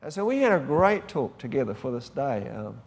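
A man's voice: mid-range voice, sing-song, normal speed, vocal fry. A man preaching a sermon as a pastor, in a conversational, rambling way with frequent restarts. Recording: long hall reverb.

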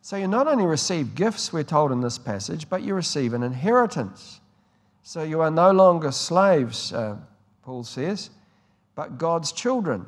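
A man preaching a sermon, telling warm stories and moving between hushed and emphatic delivery. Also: on the high side, big pitch swings, a little slow. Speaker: pastor. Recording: long hall reverb.

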